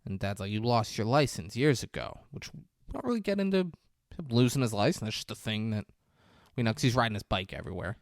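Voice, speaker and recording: A man's voice: lowish voice, very animated, quick pace, dry recording, clean studio sound. A man co-hosting a podcast, retelling a movie scene by scene with playful quoted voices and casual swearing. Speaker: podcast co-host. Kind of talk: casual movie recap chat.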